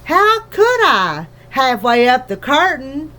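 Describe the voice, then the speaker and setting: A woman's voice: high-pitched, sing-song, takes it slowly, sharp tone, exaggerated voice. A woman reading a storybook aloud, voicing a small, careful father who rambles in homely country speech. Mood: explaining. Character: small careful father, tiny borrower man.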